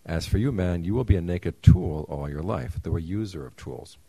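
A man reading as a genial, booming creator god. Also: lively intonation, normal speed, vocal fry, warm tone, husky, heavily acted, poor audio. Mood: benevolent.

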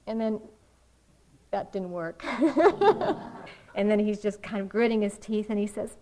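Woman meditation teacher, dharma talk, slow and reflective, somewhat high voice. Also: rough recording. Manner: slow, reflective, with soft pauses.

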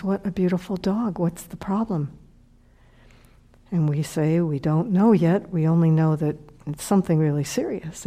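A woman's voice: on the low side, dark tone. A middle-aged woman, a meditation teacher, telling a heartfelt personal story in a dharma talk and sometimes dropping to a whisper.

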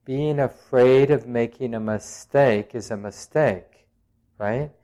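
A man at a middle pitch teaches meditation in a dharma talk. He speaks plainly and reflectively, feeling his way through each thought with frequent pauses and a light touch of humour. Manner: plain-spoken and gently humorous.

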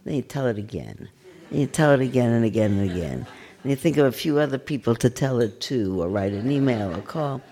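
Older woman meditation teacher, gravelly timbre, animated intonation, gentle and self-mocking. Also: a bass voice, fairly quick. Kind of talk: dharma talk. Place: meditation center.

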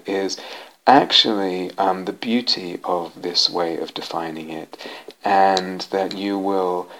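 A man's voice: deep voice, creaky, a little hiss or hum, rough recording. A man giving a dharma talk to a retreat group, searching for words, repeating key words and often restarting his sentences. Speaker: meditation teacher. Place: retreat center meditation hall.

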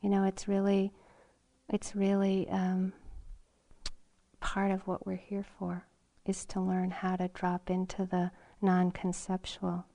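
A woman's voice: mid-range voice, monotone, gravelly. Reflective woman giving a meditation talk. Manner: unhurried and reflective, with frequent ums and soft laughs. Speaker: meditation teacher. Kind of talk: dharma talk. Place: meditation retreat hall.

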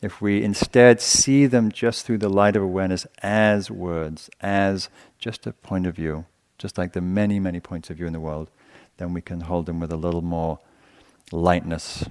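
A male meditation teacher giving a dharma talk in a gentle, conversational way, often searching for words. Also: sits low, little pitch movement, normal speed.

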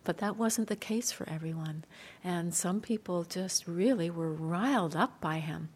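A woman meditation teacher gives a dharma talk, soft-spoken, gentle, and unhurried, with light laughter between her points. Her voice is medium in pitch.

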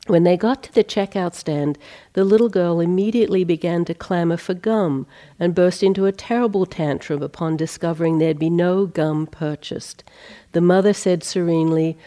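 A middle-aged woman teaching meditation, her voice low-pitched, warm and mellow. She talks gently and without hurry, easing into stories with a touch of humor, like a retreat dharma talk. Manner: gentle, unhurried storytelling with light humor.

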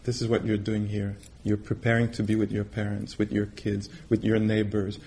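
A man's voice: fairly low pitch, darkish tone. A middle-aged man giving a meditation talk in a casual, conversational way, laughing often and acting out quoted voices. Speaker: meditation teacher. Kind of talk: dharma talk.

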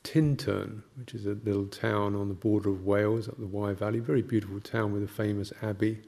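An older man, a Buddhist monk, giving a gentle, halting reflective talk with anecdotes and soft laughs. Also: on the low side, little pitch movement, gravelly.

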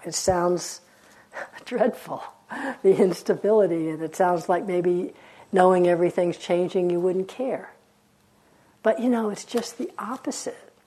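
A woman meditation teacher speaks in a soft, mellow tone, her dharma talk gentle and unhurried. She lets reflective pauses settle between her phrases and keeps her pitch in an ordinary middle range.

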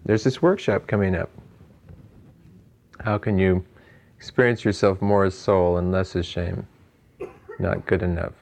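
Low-voiced man giving a relaxed talk on meditation. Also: a little slow, gravelly, long pauses. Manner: musing, chuckling, lots of "you know". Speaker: meditation teacher. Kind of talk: informal dharma talk.

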